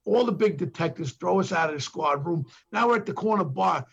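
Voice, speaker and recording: A man's voice: sits high, lively intonation, brisk, vocal fry, breathy edge, highs cut off. An older man with a New York accent, a former detective telling police stories as a podcast guest and acting out what the people in them said. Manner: acts out quotes from others with emphatic bursts. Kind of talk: animated storytelling.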